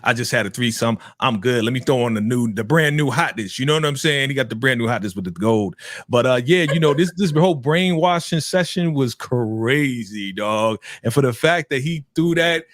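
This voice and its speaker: A man's voice: mid-range voice, normal speed, a bit bright, no echo, clean studio sound. A man hosting a casual roundtable chat about a TV drama, laid-back and slangy, laughing often. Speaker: channel host.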